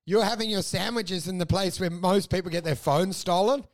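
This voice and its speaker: A man's voice: high-pitched, moderate pace. A man co-hosting a podcast, telling crude, rambling stories in casual comedic chat. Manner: crude, rambling, animated storytelling. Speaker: podcast co-host.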